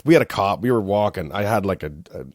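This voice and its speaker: A Canadian man co-hosting a podcast, telling travel stories in casual chat and acting out other people's lines in high voices. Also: fast talker, no echo, studio quality. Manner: animated storyteller, acts out quotes in high voices. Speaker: podcast co-host.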